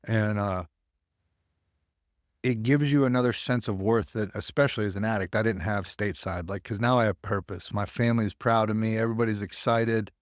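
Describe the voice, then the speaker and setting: Recorded in clean studio sound with no room sound, a US man on the low side speaks a little fast in a steady tone. As a podcast guest and army veteran, he recounts his story with blunt candor and frequent swearing, acting out the voices of people he quotes.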